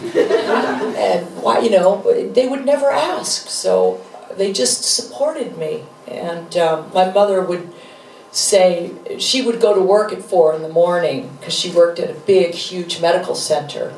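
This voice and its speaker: A woman in her fifties, a guest author and rock musician, telling animated stories with laughs at an onstage interview. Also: lowish voice, slow, slight background noise. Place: bar venue with live audience. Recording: echoey room, mic from a distance.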